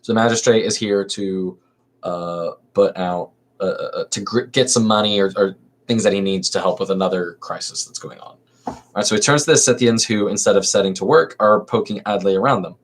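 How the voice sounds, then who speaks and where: A man reading an old verse play aloud, stumbling over some words and stopping to explain the plot in casual asides. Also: fairly quick. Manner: stumbles over words and restarts, uses rising pitch for characters. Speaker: amateur reader.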